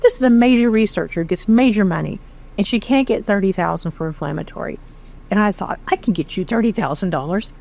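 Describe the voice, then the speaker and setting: A middle-aged woman from Texas tells her own story as an interview guest, candid and animated, with a self-deprecating streak. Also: mid-range voice, a little fast, gravelly. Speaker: charity founder, interview guest. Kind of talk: conversational storytelling.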